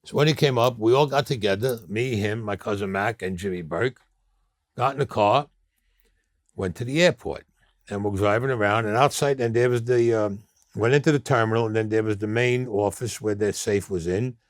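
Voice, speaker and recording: Blunt older New York storyteller. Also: male voice, lowish voice, normal speed, no echo, clean studio sound. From Brooklyn, New York. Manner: blunt, streetwise storyteller who acts out quoted people. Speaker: interview guest. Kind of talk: storytelling interview.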